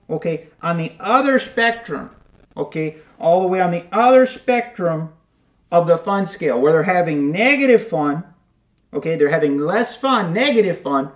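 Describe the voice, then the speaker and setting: A man's voice: high voice, voice pushed up. A man putting on the voice of a rambling male comic-shop guru who lectures at a whiteboard and keeps asking "okay?", in a comedy sketch. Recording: roomy echo.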